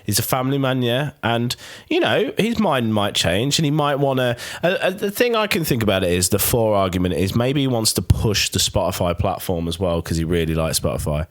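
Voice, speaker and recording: A man's voice: mid-range voice, big pitch swings, brisk, few pauses. A man hosting a podcast, chatting casually and rambling with many restarts. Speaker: podcast host. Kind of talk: casual chat.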